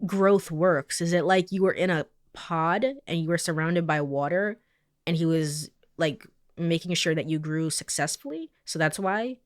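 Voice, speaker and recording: Chatty woman streamer, lowish voice. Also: unhurried, no room sound, studio quality. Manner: chatty, laughing asides. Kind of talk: let's play commentary.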